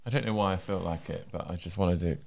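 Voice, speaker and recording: A man's voice: low voice, fast talker, creaky, a little hiss or hum. A man co-hosting a podcast in casual chat, wry and teasing. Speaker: podcast co-host.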